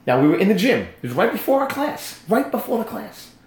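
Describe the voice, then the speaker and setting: A bold, blunt man tells his story with real emphasis, acting out every quote as he goes. His pitch swings widely up and down, and the room around him has a noticeable echo. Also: sing-song, brisk, darkish tone. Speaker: podcast guest telling a testimony. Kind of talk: animated casual storytelling.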